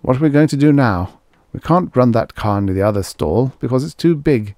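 A man's voice: mid-range voice, lively intonation, a little fast, darkish tone, dry recording, pitched above the performer's own voice, lightly acted. A man doing a flustered garage partner. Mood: harried. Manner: harried, pleading. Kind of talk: audiobook character voice.

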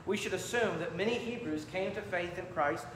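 A man preaching a sermon from the pulpit with emphatic, measured delivery. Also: sits high, fairly bright tone. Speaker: pastor. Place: church sanctuary. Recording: echoey church hall with faint room noise.

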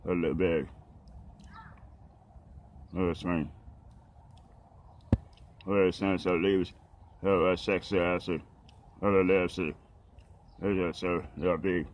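A man talking haltingly about the Bible, with many pauses, fillers and restarts. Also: sits low, fairly even intonation, slight background noise.

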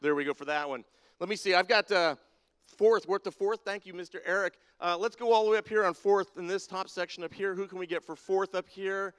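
A man's voice: sits high, brisk, fairly bright tone, clean tone. A man leading a playful congregation activity in a church sanctuary, teasing people and calling them down by name. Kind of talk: leading a playful audience-participation segment. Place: large church sanctuary with balcony and spotlights. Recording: long reverb of a big hall.

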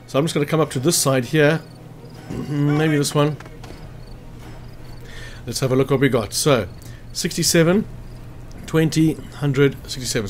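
A man with a medium-pitched voice and a little hiss or hum on the recording commentates a strategy game walkthrough. He's a casual, chatty gameplay commentator who thinks aloud as he checks hit chances, and he's hiccuping after lunch.

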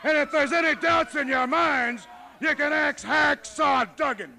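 A man's voice: extremely high pitch, measured pace, gravelly, pushed and bright. A middle-aged man acting as a wrestling manager in a promo, boastful, commanding and threatening.

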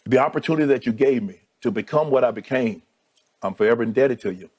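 A middle-aged man, a TV sports debate co-host, giving an emotional on-air farewell and thanking his colleagues one by one, his voice sinking low as he speaks. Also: fast, darkish tone, breathy edge.

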